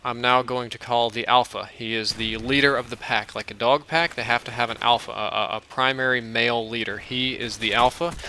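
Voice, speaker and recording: Male host, very bright and sharp tone, rambling dream narration, faint noise behind. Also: mid-range voice, steady tone, a little fast, few pauses. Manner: rambling, laughing, with many fillers and restarts. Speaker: gaming channel host. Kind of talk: casual dream storytelling.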